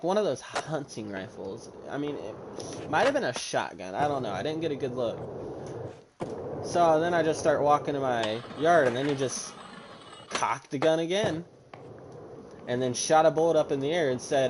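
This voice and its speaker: A young man with a mid-range voice tells a story in a casual vlog, swearing freely and jumping into the voices of the people he quotes. The recording has a clear hiss of background noise. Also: medium pitch, normal speed. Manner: casual, profane, animated retelling with quoted dialogue.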